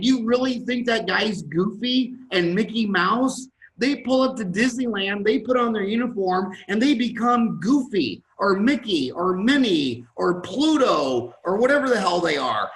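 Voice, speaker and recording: A dentist in his fifties, a guest in a podcast conversation, telling blunt, animated stories and acting out what other people say. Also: high voice, rough recording.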